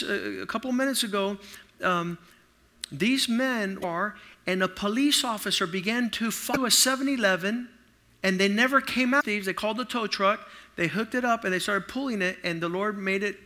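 A middle-aged man preaches by telling stories, his fairly high voice very bright and forceful. He swings between sudden loud outbursts and quiet, hushed asides as he acts out the people in his tales. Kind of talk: sermon storytelling.

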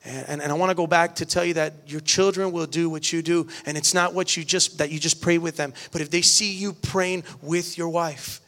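A man's voice: on the high side, steady tone, brisk, hardly any pauses, fairly bright tone. A middle-aged man preaching a sermon to a church, earnest and emphatic, often restarting phrases. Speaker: pastor.

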